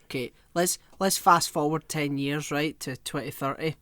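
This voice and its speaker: Bright-voiced man, rambling podcast chat. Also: on the high side, normal speed, no room sound. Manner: rambling, swears a lot, laughs often. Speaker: podcast co-host. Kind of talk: casual chat.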